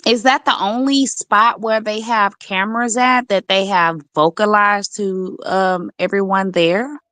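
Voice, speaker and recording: A woman's voice: medium pitch, fairly even intonation, a little slow, bright, forceful tone, no room sound. A woman chatting on a live stream who asks questions and exclaims often. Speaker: guest asking questions. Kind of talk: casual chat on a live stream.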